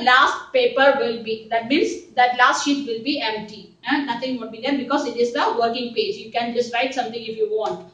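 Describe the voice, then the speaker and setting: A woman teacher with an Indian English accent, explaining a story to her class in an animated way and checking often that the students follow. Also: high voice. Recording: roomy echo, voice from a distance.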